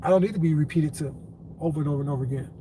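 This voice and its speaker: A man's voice: a little high, racing, mellow. A man live-streaming, lecturing his chat about how to talk to people, blunt and repetitive. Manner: lecturing, then cursing angrily. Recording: distant mic, faint ambient noise.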